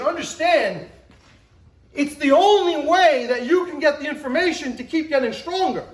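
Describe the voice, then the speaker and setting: A forties-aged man gives a motivational speech, emphatic throughout, acting out scenes with shouting and rising pitch. Poor audio with a reverberant quality.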